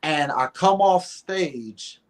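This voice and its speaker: A middle-aged man telling a story in a casual interview, animated and acting out the dialogue, often repeating words. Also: on the high side, drawn-out words. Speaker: guest comedian.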